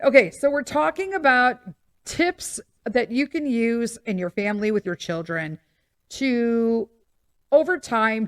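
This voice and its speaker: A woman's voice: mid-range voice, no echo, studio quality. A woman hosting a podcast, chatting casually about parenting and often checking in with listeners with "okay?". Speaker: podcast host.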